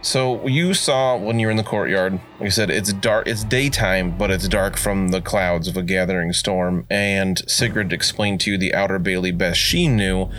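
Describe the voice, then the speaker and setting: A man with a fairly low voice runs a tabletop game, describing the scene at an easy, meandering pace. His explanations wander through fillers and restarts. Faint music plays quietly underneath. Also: steady tone, normal speed, few pauses. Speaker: game master.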